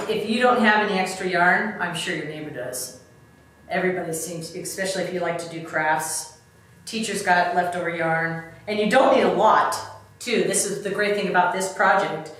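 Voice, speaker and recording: A woman's voice: lowish voice, fairly bright tone. A middle-aged woman, a DIY expert, casually talking through a craft demonstration step by step in a chatty, self-deprecating way. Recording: echoey room, mic at a distance, faint background noise.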